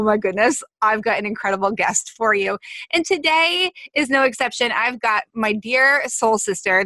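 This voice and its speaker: A woman hosts a podcast, gushing over her guest with effusive excitement. Her voice is bright and a little high. The sound is dry and close. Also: no echo. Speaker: podcast host. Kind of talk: casual interview chat.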